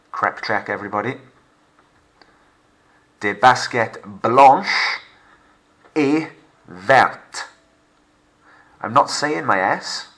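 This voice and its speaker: Bright-voiced Welsh male teacher. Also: on the low side, rough recording. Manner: upbeat, playful, models French words slowly for repetition. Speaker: secondary school French teacher. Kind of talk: recorded lockdown lesson narration.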